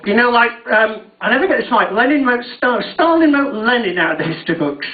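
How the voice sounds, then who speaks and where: A man's voice: very high-pitched, animated, a little fast. A young man working through a stand-up set, swearing freely and poking fun at himself. He sounds distant from the mic, with the hall's echo ringing around him. The whole thing comes through thin and tinny, like it was caught on a phone. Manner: self-mocking, sweary, admits nerves. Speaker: stand-up comedian. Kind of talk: stand-up comedy routine. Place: on stage at a university venue. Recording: tinny, distant, echoey live recording.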